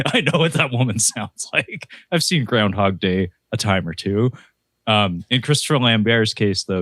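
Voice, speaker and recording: An American man co-hosting a casual film review, talking in long rambling stretches with restarts and quick laughs. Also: low-pitched, fairly bright tone, dry recording.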